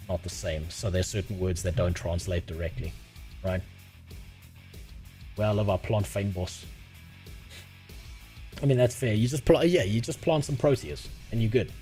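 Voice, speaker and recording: This streamer is a man from South Africa whose voice sits on the low side and sounds mellow. Speaking with a South African accent, he hangs out casually with his chat and reads their messages, often laughing while making crude, sarcastic remarks.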